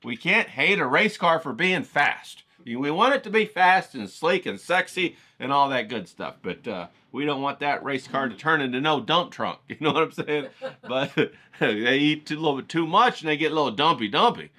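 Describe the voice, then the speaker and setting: A man's voice: a little high, animated, moderate pace, pushed and bright. A man hosting an art livestream, talking in a rambling, folksy, digressive way. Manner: digressive, folksy, says "you know what I'm saying". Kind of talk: rambling casual monologue.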